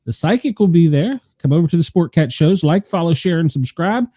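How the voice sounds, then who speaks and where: High-voiced, mellow older male host. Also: animated, fairly quick, no room sound, studio quality. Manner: rambling storyteller, laughs often. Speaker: podcast host. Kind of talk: casual chat.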